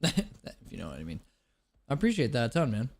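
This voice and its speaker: A young man talking casually on a live stream, his pitch rising and falling a lot. He laughs loudly, swears casually and keeps thanking his viewers. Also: huge pitch swings, a little fast. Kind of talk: casual live-stream chat reacting to a clip.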